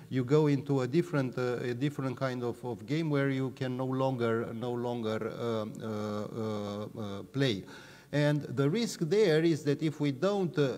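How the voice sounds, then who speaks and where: A man's voice: mid-range voice, darkish tone. Hesitant man answering on a panel. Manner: hesitant, many uh fillers and restarts. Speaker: panel guest, policy expert. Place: large hall or hangar. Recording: long hall reverb.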